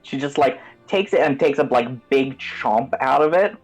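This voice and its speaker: Game master, man, mid-pitched, vivid descriptive narration, faint music behind. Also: expressive, normal speed, low-quality recording. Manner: vivid descriptive narration, loose with fillers when improvising.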